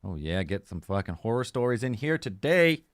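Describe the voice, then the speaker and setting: A man's voice: fairly low pitch, very animated, normal speed, no room sound. A man hosting a call-in show, chatting casually, joking and swearing freely. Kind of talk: casual call-in radio chat.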